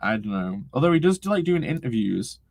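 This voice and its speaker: A man's voice: mid-range voice, big pitch swings, brisk, gravelly, darkish tone, no room sound. A young man casually streaming, reading chat aloud, laughing often and swearing freely.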